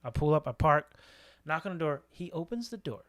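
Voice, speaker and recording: A man hosting a casual podcast, telling a story with lively delivery and frequent laughs. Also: on the high side, a little fast. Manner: animated storyteller, laughs often. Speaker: podcast host.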